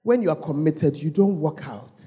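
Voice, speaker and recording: A woman's voice: low-pitched, expressive, normal speed, dark tone, husky, lo-fi sound. A woman with a Ghanaian English accent preaching a storytelling sermon, calling out to the congregation and repeating her phrases.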